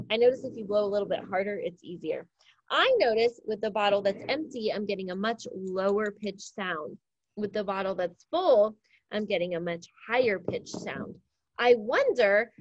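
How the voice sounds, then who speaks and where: A woman's voice: mid-range voice, lively intonation, normal speed, highs cut off. A woman teacher leading a science lesson, explaining step by step in an upbeat, encouraging way. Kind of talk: classroom science demonstration.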